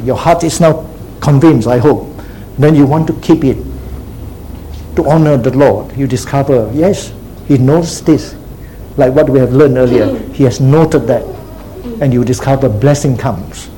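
Male pastor, sermon, teacherly, repeats points for emphasis, warm tone. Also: mid-range voice, slight background noise, low-quality recording. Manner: checks in with frequent "See?" and "Huh?".

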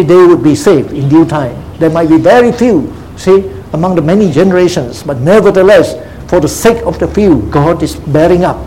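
Methodical male preacher, mellow voice. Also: on the high side, rough recording. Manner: teaching, repeats "see?" and "you see" often; methodical, breaks ideas into numbered points. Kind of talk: expository sermon.

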